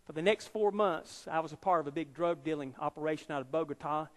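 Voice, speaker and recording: Man, 50s, evangelist, testimony sermon, dramatic storyteller, high voice, long hall reverb. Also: quick pace. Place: large university auditorium.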